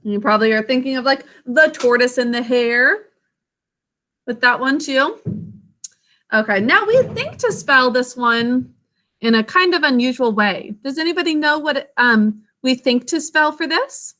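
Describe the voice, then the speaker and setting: A woman's voice: high-pitched, animated, unhurried, bright, forceful tone. A woman teaching a reading and spelling lesson over a video call, sounding out words syllable by syllable and encouraging her pupils.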